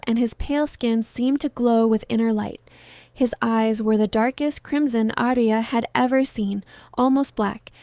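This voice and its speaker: A woman reading a dramatic romance story aloud as narrator, in a steady storytelling manner. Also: on the high side, no room sound, studio quality. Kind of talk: scripted audiobook narration.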